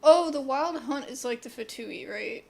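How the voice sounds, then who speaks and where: A woman's voice: high voice, lively intonation, moderate pace, creaky, darkish tone. A woman streamer chatting casually and rambling while playing a game. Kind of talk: casual gameplay commentary.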